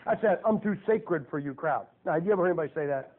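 A man's voice: a little high, lively intonation, quick pace. A man preaching a sermon in a folksy, joking and emphatic way. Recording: tinny phone-like lo-fi recording.

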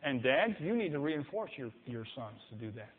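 A man's voice: mid-range voice, sing-song, normal speed, slight background noise. A man preaching a sermon with passion, acting out the people he quotes. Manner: impassioned, mimics people in quoted voices. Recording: echoey hall, tinny phone-like sound.

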